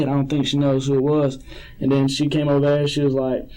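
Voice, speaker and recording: A man speaks in a police interview room. His voice is mellow and low-key. He rambles, hesitates and circles back over his own words. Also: little pitch movement, quick pace, rough recording. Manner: rambling, hesitant, repeats himself.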